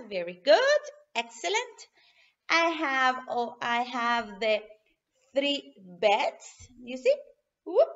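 A woman English teacher, reading a story aloud to children and talking to them in a slow, encouraging way. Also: high voice, fairly bright tone. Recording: dull lo-fi recording.

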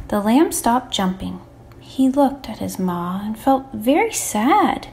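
Animated woman reading a picture book. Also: medium pitch, a little slow. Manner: expressive, animated. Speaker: teacher reading aloud. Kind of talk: children's storybook read-aloud.

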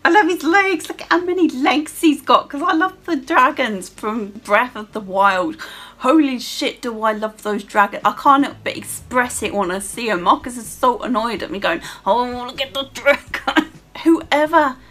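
A woman's voice: fairly high pitch, moderate pace, bright, forceful tone. A young woman giving casual gameplay commentary, giggly and sweary, gushing over what she sees on screen. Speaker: gamer.

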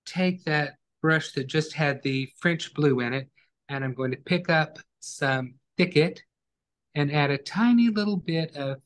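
A man teaching an online acrylic painting class, giving calm, step-by-step instructions as he works. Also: on the high side.

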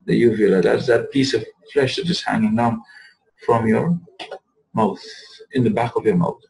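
A man teaching an Arabic lesson, patiently repeating words slowly to show how the sounds are made. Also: fairly low pitch, creaky, darkish tone, poor audio. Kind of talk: recorded lesson.

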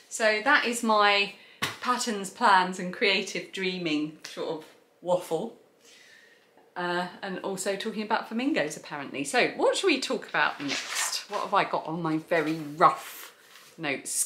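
A woman's voice: fairly low pitch, bright, forceful tone, slight background noise. Chatty South East London woman, roomy sound. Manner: chatty, enthusiastic, rambling. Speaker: podcast host. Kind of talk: casual chat.

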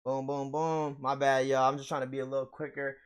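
A man's voice: medium pitch, flat delivery, fairly quick, clean tone. A young man casually opening trading card packs for his viewers, hyped and slangy, laughing often. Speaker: card pack opener. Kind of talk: casual pack-opening vlog.

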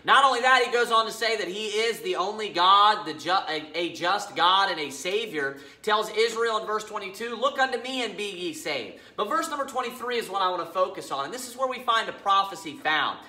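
A man preaching a sermon as pastor, emphatic, slowing down to read scripture aloud. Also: high-pitched, expressive, bright, forceful tone, reverberant, low-quality recording. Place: church sanctuary.

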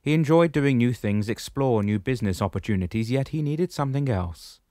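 A man's voice: medium pitch, animated, brisk, no room sound, studio quality, voice pushed up, close to an everyday voice. A man voicing a patient old shepherd sage. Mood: calm explaining. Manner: patient, explaining, gently lecturing. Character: wise calm old male shepherd spirit.

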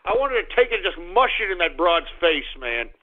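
A man hosting a call-in radio show, ranting loudly and cursing whenever he gets angry. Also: high voice, sing-song, brisk. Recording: lo-fi phone-like radio audio.

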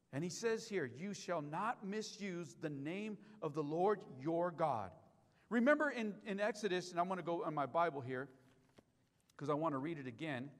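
High-voiced pastor preaching in a reverberant church. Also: male voice, fairly bright tone. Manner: emphatic preaching, repeats key lines, asks the church questions. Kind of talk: sermon. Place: church sanctuary. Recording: live stream with long hall reverb.

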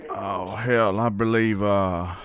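A man hosting a podcast, making prank calls in a relaxed, casual drawl. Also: lowish voice, slow pace, a little hiss or hum. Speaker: podcast host. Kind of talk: prank phone call.

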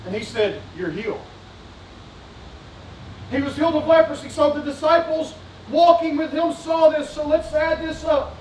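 High-voiced pastor preaching in a roomy church. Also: male voice, steady tone, moderate pace, a little mellow, a little hiss or hum. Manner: fervent, repetitive, asks the congregation questions. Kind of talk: sermon. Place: church sanctuary. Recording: roomy sanctuary sound, distant mic.

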